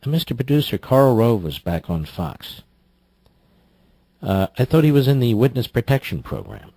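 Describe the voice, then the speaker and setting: A man's voice: mid-range voice, sing-song, dark tone, no room sound. Guy hosting talk radio, punchy and opinionated, dead dry mic. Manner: emphatic, opinionated, quick rapport with callers. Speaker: radio talk show host.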